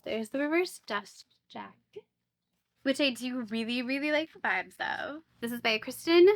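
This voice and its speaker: A woman's voice: a little high, expressive, moderate pace. A woman vlogger chatting casually through a book box unboxing, with wry asides and sarcastic jokes.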